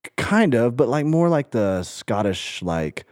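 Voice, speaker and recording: A man's voice: medium pitch, very animated, measured pace, darkish tone, no room sound, clean studio sound. A young man from Birmingham, Alabama, co-hosting a podcast in casual chat, rambling and searching for words, laughing often. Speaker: podcast co-host.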